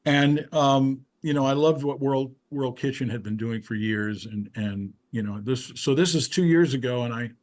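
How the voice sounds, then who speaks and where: A man's voice: mid-range voice, moderate pace, hardly any pauses, darkish tone. An older male musician in a casual interview, telling rambling stories with frequent restarts and asides. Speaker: musician guest.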